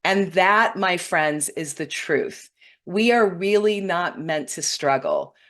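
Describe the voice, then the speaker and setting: This middle-aged woman talks to her viewers in an earnest, heartfelt way, her voice sitting a little low. She gets emotional as she speaks about spirit and intuition, coaching the listener with gentle encouragement. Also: slow pace. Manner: earnest, warm-hearted, often tearful when moved. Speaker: spiritual teacher hosting a weekly broadcast.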